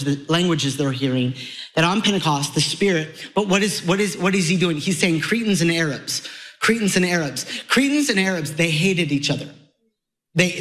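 A man preaching a sermon to a congregation, conversational and animated, his voice jumping higher as he gets excited. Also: rough recording. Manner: animated, conversational preaching with sudden rises in pitch. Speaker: pastor.

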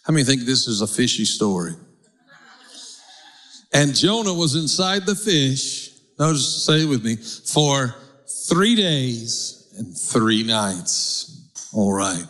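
A man's voice: medium pitch, very animated, slow pace, a bit bright. A male pastor preaching a sermon, calling on the congregation to respond. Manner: preaching with audience call-and-response.

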